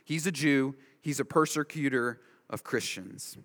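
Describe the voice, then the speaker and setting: A man's voice: mid-range voice, a little slow, a bit bright. A man preaching an expository sermon as a preacher, emphatic and driving home his points with repeated short phrases. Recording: long reverb of a large hall.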